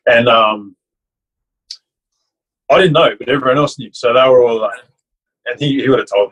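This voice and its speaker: A man's voice: medium pitch, normal speed, long pauses, fairly bright tone, breathy edge, low-quality recording. A young man, a rugby league player and coach, telling a heartfelt, rambling story in casual chat. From Fiji. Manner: rambling and heartfelt, many restarts and "like".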